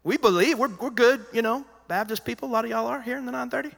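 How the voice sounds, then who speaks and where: High, bright-voiced preacher in a big hall. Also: male voice, fast, creaky. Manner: animated, conversational preaching with acted-out quotes and dropping to a hushed voice. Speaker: pastor. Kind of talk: sermon. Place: large church auditorium. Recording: reverberant church hall.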